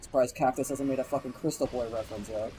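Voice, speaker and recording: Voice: mid-range voice, fairly even intonation, fast talker, mellow, a little hiss or hum, rough recording. A streamer telling a story in a casual live stream, swearing freely, rambling and acting out the people being quoted.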